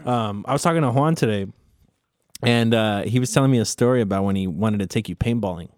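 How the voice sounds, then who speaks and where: A man's voice: fairly low pitch, fast talker, a little mellow, dry recording, studio quality. A young man co-hosting a podcast, telling stories in a laid-back, profane way. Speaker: podcast co-host. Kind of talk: casual chat.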